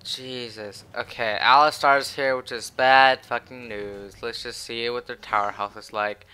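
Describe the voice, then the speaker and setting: A man commentating his own match, swearing and swinging from low muttering to shouted taunts. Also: fairly even intonation, a little slow, clean tone. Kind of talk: raging gameplay commentary.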